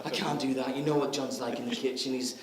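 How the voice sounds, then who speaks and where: A man's voice: medium pitch, fairly even intonation, quick pace, heavy background noise, voice pushed down, close to an everyday voice. A man voicing a sensible young woman who gives firm, practical instructions, in an echoey hall with a crowd.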